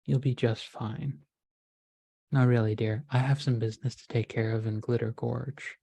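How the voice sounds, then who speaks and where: A self-absorbed man speaks in a tabletop game, voiced by a woman game master. His tone stays sweet and patronizing, but a quiet venom sits under the politeness. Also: medium pitch, steady tone, moderate pace, gravelly, husky, dry recording. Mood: honeyed, patronizing. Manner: sweet-sounding and condescending.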